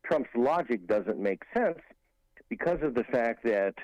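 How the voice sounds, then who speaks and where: A man's voice: mid-range voice, lively intonation, moderate pace, a little mellow, no room sound, dull audio. A man guest on a talk radio show giving rambling political commentary with frequent restarts and emphatic asides.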